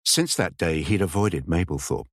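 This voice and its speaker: Low-voiced man narrating a thriller audiobook. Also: no echo, studio quality. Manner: measured, expressive storytelling.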